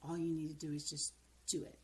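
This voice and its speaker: A middle-aged woman, a transformational coach, giving calm step-by-step guidance and dropping to soft near-whispers when voicing affirmations. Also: sits low, a little fast. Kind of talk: coaching video monologue.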